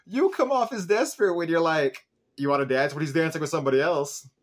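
A man's voice: on the high side, fast. Chatty man recapping a TV episode. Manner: chatty, peppered with "like" and "um", animated retelling. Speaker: show host reviewing an episode.

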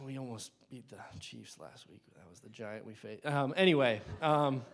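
Young male lay preacher in a church, impassioned, loud then hushed. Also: medium pitch. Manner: impassioned, swings between loud bursts and hushed asides. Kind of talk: sermon.

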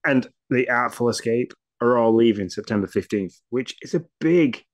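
A man co-hosting a casual gaming podcast, easygoing and quick to chuckle as he reads through lists. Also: medium pitch, expressive, no room sound. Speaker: podcast co-host. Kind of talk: casual chat.

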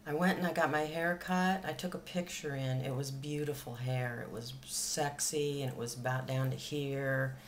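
A woman in her sixties with a low voice, ranting to the camera and swearing freely, indignant and exasperated. There is a faint hiss of noise behind her in a home recording. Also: fairly even intonation, normal speed, hardly any pauses. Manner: exasperated, swearing, ranting about a bad haircut. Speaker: vlogger. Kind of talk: casual venting to camera.

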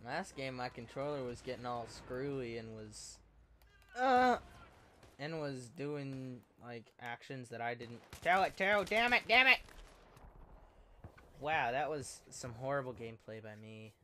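A man giving live commentary over his video game, excitable and joking, swearing and yelping as things happen. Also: mid-range voice, measured pace, slight background noise. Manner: joking, self-mocking asides. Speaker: gameplay commentator.

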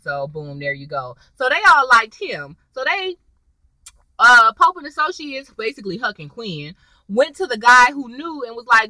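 A chatty woman recaps a TV episode with a bright, forceful voice that sits a bit high. She talks in a casual, animated way and acts out the characters' lines. The sound is dry and close. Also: normal speed, no room sound, rough recording.

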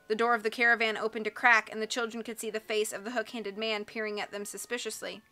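Casual, chatty woman reading on a live stream, bright and higher-voiced, faint music behind. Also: fairly even intonation, brisk, few pauses. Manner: chatty, giggly, casual with viewers. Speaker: audiobook reader and live streamer. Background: faint background music.

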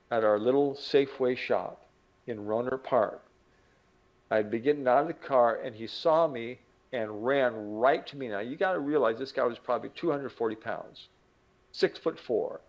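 A man with a gravelly, fry-edged voice tells a motivational story in an earnest, lively way. The recording sounds slightly dull and lo-fi, like a modest home setup. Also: medium pitch, moderate pace. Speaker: motivational teacher. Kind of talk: storytelling lecture.

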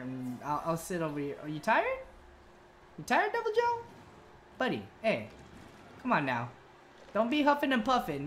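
A woman commenting on her own gameplay, scolding the monster like an unruly child, swearing and yelling when things go wrong. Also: medium pitch, slight background noise. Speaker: gamer.

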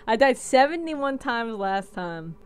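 A young woman hosting a gameplay video with a smooth, clean voice pitched a little high. She chats casually, giggles a lot and reacts with jumpy, expressive bursts. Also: slow pace. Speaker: let's play host.

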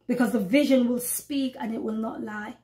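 High-voiced woman preaching fervently. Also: fairly even intonation, dark tone. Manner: fervent, emphatic, slows to read scripture aloud. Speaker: prophetic YouTube preacher. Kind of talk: preaching to camera.

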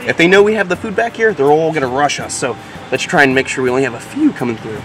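A man hosting a wildlife vlog outdoors at an alligator park, talking in an energetic, playful way and loudly coaxing the animals. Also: a little high, fast talker, noisy background. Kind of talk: excited casual talk with animals.

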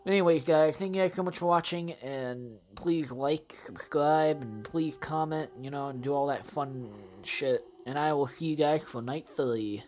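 A man giving profane, excitable let's play commentary and talking straight to his viewers. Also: on the high side, unhurried, hardly any pauses. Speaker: gaming channel host.

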